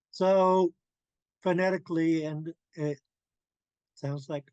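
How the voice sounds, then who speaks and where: A man teaching a language class, drilling pronunciation slowly and carefully and laughing often. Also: fairly high pitch, darkish tone, clean tone, dry recording.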